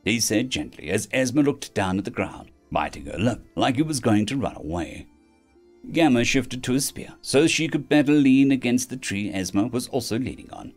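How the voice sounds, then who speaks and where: A man narrating a fantasy story in a lively reading voice. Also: medium pitch.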